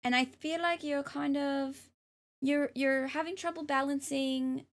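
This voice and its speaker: A young woman streaming live and reading tarot, speaking gently and hesitantly with many ums and restarts. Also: sits high, fairly even intonation, measured pace. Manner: gentle and affirming. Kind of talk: casual live-stream chat.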